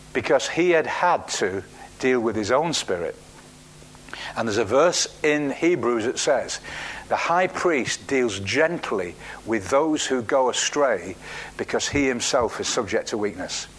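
A man's voice: mid-range voice, unhurried, a little hiss or hum. A man preaching a sermon, telling a Bible story with acted-out quotes and frequent restarts. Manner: animated storytelling, acts out quotes, restarts words.

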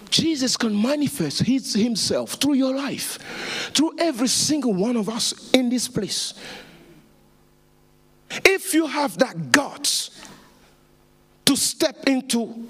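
A man preaching a sermon with passion, repeating phrases, stammering through restarts and rising to shouts. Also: extremely high pitch, animated, slow, pauses often, slightly rough.

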